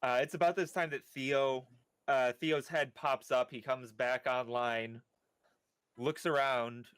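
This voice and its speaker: A man's voice: medium pitch, fairly even intonation, slow, fairly bright tone, clear, resonant tone. A man as a player in a tabletop role-playing game, casually describing what his characters do.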